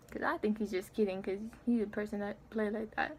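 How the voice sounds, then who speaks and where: An eighteen-year-old woman casually telling a story on her vlog, chatty and animated as she acts out what was said. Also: fairly high pitch, a little fast, vocal fry, hardly any pauses, a little hiss or hum. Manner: chatty, animated retelling with quoted dialogue. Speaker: vlogger.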